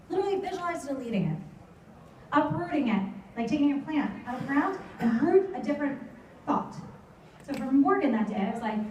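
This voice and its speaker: A woman's voice: sits high, slight background noise. A middle-aged woman giving a motivational talk to a live audience, telling stories and acting out her children's voices. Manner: animated storytelling, acts out her kids' voices. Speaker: motivational speaker. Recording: echoey hall, voice from far off the mic.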